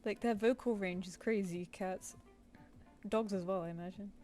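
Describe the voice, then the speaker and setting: A woman's voice: mid-range voice, fairly even intonation, moderate pace, mellow, faint music behind. A woman with a British accent chatting casually with viewers while she works on a live stream, rambling with lots of fillers. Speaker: streaming artist.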